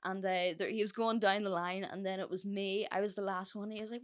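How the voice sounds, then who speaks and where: A woman's voice: medium pitch, fairly even intonation, fairly quick, hardly any pauses. A young woman hosting a solo podcast, telling a story in a chatty, sweary way with lots of fillers. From Ireland. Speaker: podcast host.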